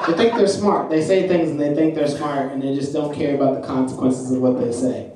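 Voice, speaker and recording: A man's voice: on the high side, fairly even intonation, brisk, far from the mic, heavy background noise. Man doing loose stand-up in an echoey club. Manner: loose, self-mocking storytelling with fillers. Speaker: stand-up comedian. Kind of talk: stand-up comedy. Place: live comedy club. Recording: roomy live club, mic from afar. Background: audience laughter.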